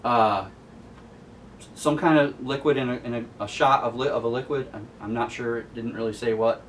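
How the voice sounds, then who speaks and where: A man's voice: mid-range voice, steady tone, moderate pace, distant mic, slight background noise. Chatty man recapping a comic. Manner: chatty, amused storytelling. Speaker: host. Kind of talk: casual comic book recap.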